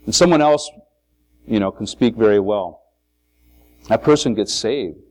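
A man's voice: on the low side, a little slow, a little mellow. A man preaching an informal sermon to a congregation, in a conversational way, with many asides and rhetorical questions. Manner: conversational, frequent "you know" and restarts, rhetorical questions. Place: meeting hall with a congregation.

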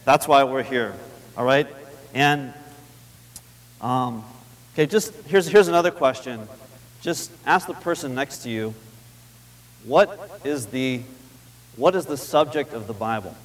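A man giving a sermon in a conversational way, repeating key phrases for emphasis and reading scripture slowly. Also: medium pitch, animated. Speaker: preacher. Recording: long hall reverb.

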